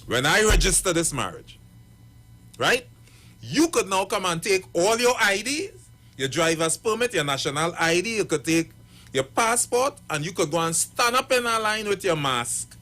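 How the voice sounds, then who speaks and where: Lively man, bright voice. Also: high-pitched, moderate pace. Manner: animated storyteller acting out quoted voices. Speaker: pastor and marriage counselor. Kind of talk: radio talk, storytelling advice.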